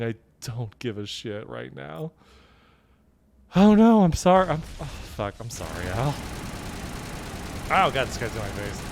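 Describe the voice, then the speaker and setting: A man streaming a video game live, laughing hard and reacting with excited, profane commentary. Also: mid-range voice, a little hiss or hum.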